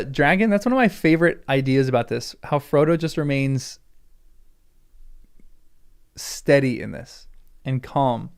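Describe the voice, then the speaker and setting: Guy chatting through his first read of a book, gets hyped, kinda gravelly voice. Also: on the high side. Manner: excitable, musing aloud. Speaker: host reading a book for the first time. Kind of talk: casual reaction commentary.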